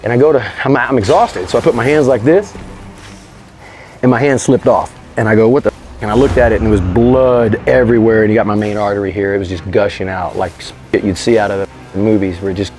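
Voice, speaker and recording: A man telling a story as an interview guest, animated and slangy, swearing freely. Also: on the low side, a little fast, faint music behind. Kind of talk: casual storytelling.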